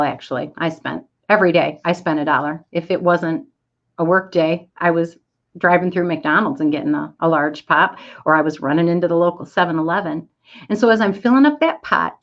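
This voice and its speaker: Middle-aged woman, lowish voice, animated storyteller in a talk; slightly muffled recording. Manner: animated, acts out quoted voices. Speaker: speaker giving a talk. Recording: dull lo-fi audio.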